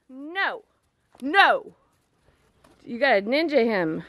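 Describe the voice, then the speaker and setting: A woman's voice: high-pitched, very animated, unhurried. A mother vlogging outdoors by her chicken yard, chatting playfully with her son and laughing often. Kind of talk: casual vlog chat with her son. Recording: faint outdoor background noise.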